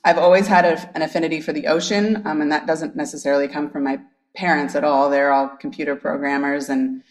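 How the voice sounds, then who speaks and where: An American woman from Northern California, a marine biologist, telling her story in a casual interview, eager and quick with many restarts. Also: deep voice, steady tone, reverberant, distant mic. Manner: enthusiastic, fast storytelling with frequent restarts. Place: her office.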